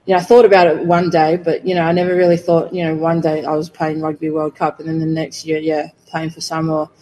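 A woman in her thirties speaks in an even, level tone, answering interview questions sincerely and leaning on filler phrases. A faint hum of background noise sits under her voice. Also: deep voice, brisk, rough recording. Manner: earnest, many "you know" fillers. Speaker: rugby player guest.

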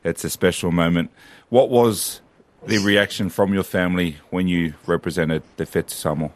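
Deep-voiced male co-host, dry close sound. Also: fairly even intonation, moderate pace, no echo. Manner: warm, affirming interviewer. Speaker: podcast co-host. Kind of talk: casual interview.

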